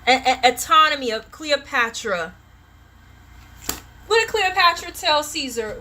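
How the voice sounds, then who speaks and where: A woman's voice: high-pitched, lively intonation, unhurried, pauses often, sharp tone, slight background noise. A woman giving a live-streamed tarot reading, passionate, blunt and full of profanity. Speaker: tarot reader.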